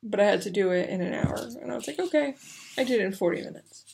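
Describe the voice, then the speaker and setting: A young woman chats to the camera in a loose, rambling vlog style, leaning on fillers as she tells her story. Her voice sits in a middle register with a noticeable gravelly fry at the ends of phrases. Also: mid-range voice, very fast, a little mellow, slight background noise. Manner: chatty, rambling with many fillers. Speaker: vlogger.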